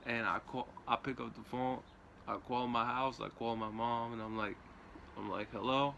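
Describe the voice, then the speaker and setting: A man's voice: medium pitch, flat delivery, moderate pace, vocal fry, sharp tone, a little hiss or hum. A young man tells a story in a loose, streetwise way and keeps dropping in "man" and "you know". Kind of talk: casual storytelling.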